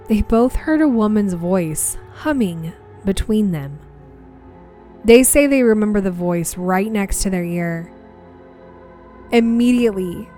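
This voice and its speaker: A young woman narrating a personal ghost story from her family in an earnest, steady way. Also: medium pitch.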